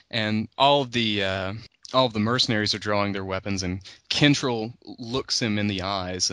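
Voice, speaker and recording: A man hosting a podcast, casually retelling a book's story and acting out the characters' lines with a raised pitch. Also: bright, forceful tone, no room sound. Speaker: podcast host.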